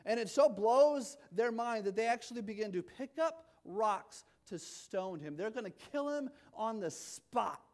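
A man preaching a sermon, emphatic, swinging from loud declarations to hushed, drawn-out phrases and repeating words for emphasis. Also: sits high, animated. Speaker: pastor.

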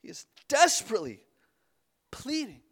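A pastor preaching a conversational sermon, often restarting his words and dropping suddenly to a hush. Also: very high voice, wildly swooping pitch, normal speed, slightly rough.

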